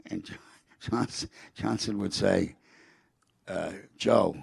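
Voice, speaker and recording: A man's voice: lowish voice, normal speed, gravelly, no room sound. An older man telling anecdotes as a guest in a public conversation, with frequent restarts and quoted remarks. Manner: rambling anecdotes with restarts, quoting a president.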